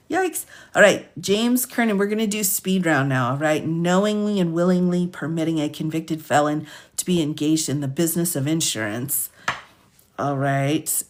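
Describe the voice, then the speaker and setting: Chatty woman with a lowish voice. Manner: chatty, laughs often, answers viewers by name; rattles off charges and sentences quickly. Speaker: attorney and livestream host. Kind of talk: casual livestream commentary reading case lists.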